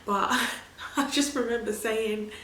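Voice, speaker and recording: Brief: animated woman vlogger, casual storytelling, echoey room. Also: fairly high pitch, takes it slowly, slight background noise. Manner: chatty and animated, laughing often. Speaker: vlogger sharing her birth story. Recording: roomy echo.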